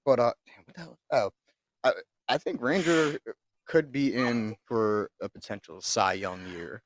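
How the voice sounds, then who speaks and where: A man's voice: medium pitch, a little slow, no room sound. A man co-hosting a sports podcast, talking in a loose, rambling way with frequent restarts and casual swearing. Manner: rambling, profane, restarts a lot. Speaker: podcast co-host.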